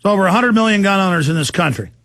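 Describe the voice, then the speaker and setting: Fired-up talk radio guy ranting, gravelly voice, dry close sound. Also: high voice, animated, rapid-fire, a bit bright, dry recording. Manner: impassioned, ranting. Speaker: talk show host. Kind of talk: political talk radio monologue.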